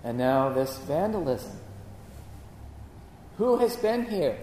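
A male pastor delivers a dramatic sermon with a fairly high voice, full of rhetorical questions. The sound is echoey, with a long reverb and faint room noise behind him. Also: very animated, slow pace, dark tone.

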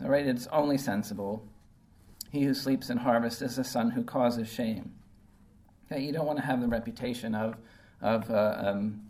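Guy doing a laid-back bible study, medium voice, keeps asking right? okay?. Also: medium pitch. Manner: conversational, checks in with "okay?" and "right?". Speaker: Bible teacher. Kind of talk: casual verse-by-verse Bible teaching.

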